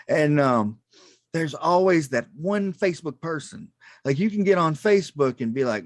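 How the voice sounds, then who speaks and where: A man's voice: fairly high pitch, expressive, moderate pace, no room sound, studio quality. A man doing a rambling, self-mocking stand-up comedy set over a video call, laughing at his own jokes.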